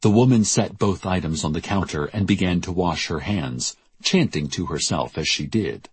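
A man narrating a novel as an audiobook in a measured, deadpan storytelling manner. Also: low-pitched, breathy edge, no room sound.

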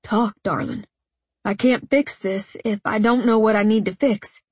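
A fiercely protective middle-aged rancher father, as a woman narrator puts him on, blunt and ready to threaten anyone who hurts his girl. The voice comes through husky and breathy. Dry, close audiobook sound with no room. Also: mid-range voice, steady tone, a little slow, no room sound. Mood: tender. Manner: blunt, threatening when angry, tender with his daughter. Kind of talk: audiobook character voice.

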